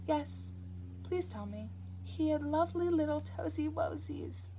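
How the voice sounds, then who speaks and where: A woman's voice: high-pitched, lively intonation, a little slow, dark tone, slight background noise, voice pushed up, poor audio. A woman voicing a dazed, dreamy middle-aged former nun in an audiobook reading. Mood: wistful. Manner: hollow and dreamy.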